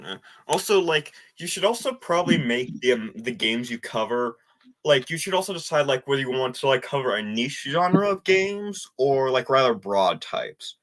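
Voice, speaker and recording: A man in casual conversation, quick to joke and share strong opinions. His voice is bright and sharp, with a lively, bouncing pitch. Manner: joking, gives opinions freely. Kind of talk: casual chat.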